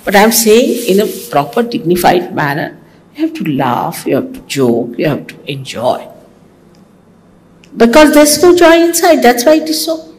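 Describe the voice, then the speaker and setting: A woman's voice: mid-range voice, sing-song, normal speed, a little mellow, low-quality recording. A woman giving a sermon to her followers, teasing and scolding with humor. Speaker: spiritual teacher.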